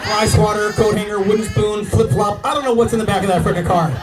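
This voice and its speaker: A man in his forties telling brash, profane stand-up stories in an animated way. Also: sits high, fast, music in the background. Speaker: stand-up comedian. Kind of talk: stand-up storytelling. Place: live comedy venue. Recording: distant mic with a crowd, comedy club.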